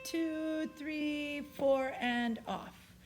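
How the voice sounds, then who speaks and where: A woman's voice: high voice, fairly even intonation, drawn-out words, faint music behind. A woman choir teacher with a tired voice, giving directions to singers and singing short phrases to show how they go. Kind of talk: recorded choir rehearsal lesson.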